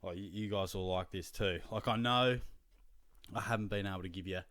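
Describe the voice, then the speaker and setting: A man's voice: low voice, fairly quick, fairly bright tone, no echo, clean studio sound. A young Australian man from Geelong hosting his fantasy football show, rambling casually to viewers with lots of fillers.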